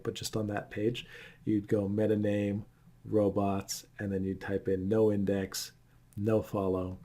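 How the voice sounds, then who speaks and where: A man's voice: on the low side, warm tone. A man narrating a screen-recorded tutorial, explaining plainly and walking through examples step by step. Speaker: online course instructor.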